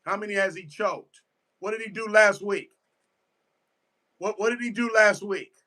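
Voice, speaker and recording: Emphatic high-voiced man reacting to football. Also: normal speed, sharp tone. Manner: emphatic, repeats himself, answers chat. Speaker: sports fan streamer. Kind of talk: casual live sports reaction.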